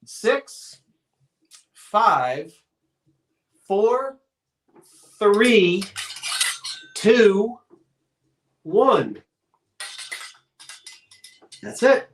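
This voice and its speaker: A folksy man hosts a live-streamed sale, chatting casually and rambling off on little asides. His voice sits somewhat high for a man. The sound rings with noticeable room echo. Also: sing-song, very slow, pauses often. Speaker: live online auction seller.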